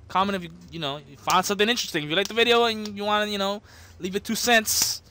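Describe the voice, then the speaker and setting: An excitable let's-play host with a wildly swinging voice that leaps from near-whispers to piercing yelps. The tone is bright and sharp, and the host trash-talks opponents in between. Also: mid-range voice, a little hiss or hum. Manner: hyper, excitable, jumps between yelps and mutters. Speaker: gaming channel host.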